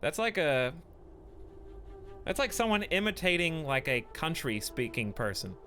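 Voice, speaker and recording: A man's voice: a little high, very animated, a little slow, pushed and bright, faint music behind. A man streaming a strategy game, chatting with his viewers in a rambling, joking way and laughing often. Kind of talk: casual gameplay stream commentary.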